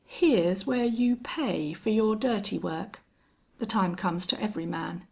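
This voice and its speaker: A woman reading an audiobook western voices a grim older gunfighter who speaks in a cold, monotonous way. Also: mid-range voice, unhurried, creaky, husky, dull audio. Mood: menacing. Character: grim, steely older male gunfighter and hunter.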